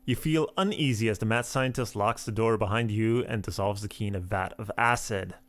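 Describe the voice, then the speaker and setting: A man's voice: fairly low pitch, a little fast, a bit bright, dry recording. A man hosting a let's play of a text game, reading the game text aloud and adding wry asides.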